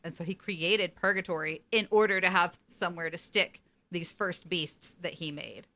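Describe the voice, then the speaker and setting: A young adult woman co-hosting a podcast and recapping a TV episode in a casual, animated way, laughing often and swearing freely. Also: on the low side, moderate pace. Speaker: podcast co-host.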